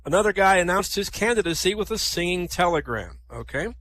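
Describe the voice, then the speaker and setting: A man hosting a comedy night, telling stand-up jokes, laughing at his own punchlines and often clearing his throat. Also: high-pitched, expressive, brisk, fairly bright tone, slight background noise.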